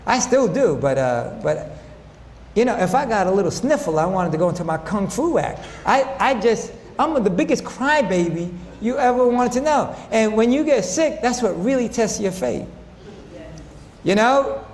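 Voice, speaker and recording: A man giving a faith-based health talk to an audience, animated, asking them questions and acting out both sides of conversations. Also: sits high, normal speed. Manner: animated, asks audience questions, acts out dialogue. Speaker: health lecturer. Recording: hall reverb with faint ambience.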